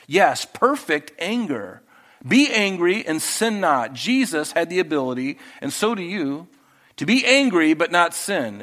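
A pastor delivering a sermon in a voice that sits a little higher than most men's. He moves between loud, emphatic scripture reading and soft, intimate asides to the congregation.

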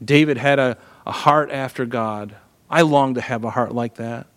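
A man's voice: medium pitch, moderate pace, a bit bright. A man teaching through a Bible passage in a casual, earnest way, often checking in with listeners. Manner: earnest, frequent "right?" asides and restarts.

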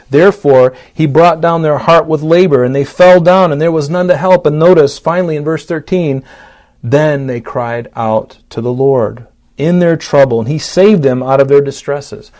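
A man preaching a sermon. He reads scripture with rising force, then drops low and soft for direct appeals, and often repeats words as he goes. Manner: rises and swells when reading scripture aloud, drops low and soft for appeals; repeats words and restarts phrases. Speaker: pastor.

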